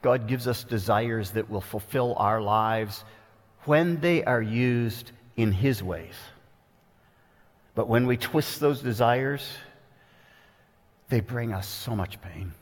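A man preaches in an earnest, pointed way, walking through scripture line by line. His voice sits at an ordinary middle pitch. It rings out with the long reverb of a large hall. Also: slow pace, long pauses. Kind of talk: expository sermon.

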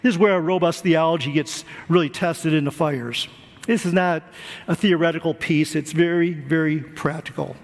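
Man, pastor, high-pitched, earnest sermon, echoing sanctuary. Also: moderate pace, vocal fry. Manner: earnest preaching, repeats words for emphasis.

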